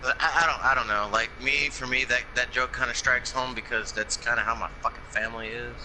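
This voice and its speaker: A young man in casual chat with friends, telling crude jokes in a deadpan, profane way. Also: mid-range voice, brisk, background noise. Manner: deadpan joke delivery, profane.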